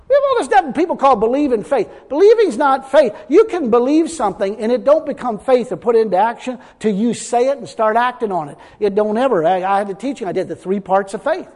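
Very high-pitched and animated, this male preacher talks fairly quickly with a slightly mellow sound. He stresses his points, reads scripture aloud and acts out quotes, all under a long hall reverb.

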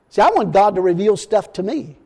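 Man, folksy emphatic preacher, high voice, long reverb of a hall. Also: warm tone, slightly rough. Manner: folksy, emphatic, quotes scripture slowly. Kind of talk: sermon.

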